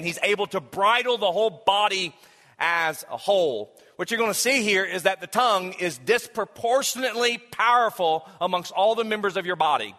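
High, bright-voiced preaching man. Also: brisk, in a large hall. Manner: casual, joking asides to the congregation; rises to emphatic preaching. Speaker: pastor. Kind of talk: sermon.

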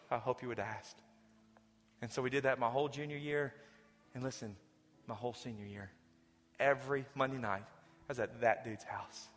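A pastor preaching a sermon in a large church sanctuary, earnestly pleading and at times dropping to a hushed whisper. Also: male voice, mid-range voice. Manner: earnest, building to fervent appeals, drops to hushed whispers. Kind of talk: sermon with altar call. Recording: long hall reverb with faint music.

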